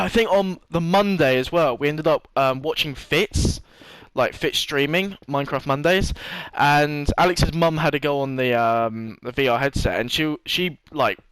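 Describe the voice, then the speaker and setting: A man's voice: on the high side, fairly bright tone, smooth, dry recording, low-quality recording. A young man telling a long rambling story to his vlog audience, swearing freely and laughing often. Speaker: vlogger. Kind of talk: casual storytelling monologue.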